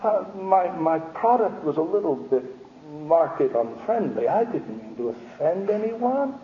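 A man's voice: fairly high pitch, sing-song, measured pace, a little hiss or hum. A man mockingly imitating a fretful, apologetic preacher who is eager to please, heard in an echoey hall on a dull lo-fi recording. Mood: mock apologetic. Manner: mocking, sarcastic whine.

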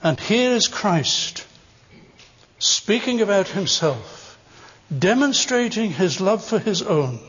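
An older man delivers a sermon in a high, husky voice, leaning hard into repeated phrases. The sound is dull and muffled, with a long reverb trailing through a large hall. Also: very animated, slow, fairly bright tone. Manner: earnest, rising to emphatic stresses on repeated phrases. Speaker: preacher.

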